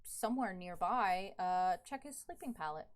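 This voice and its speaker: A woman running a tabletop game as dungeon master, narrating scenes in a relaxed, descriptive way with fillers. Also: on the low side, normal speed.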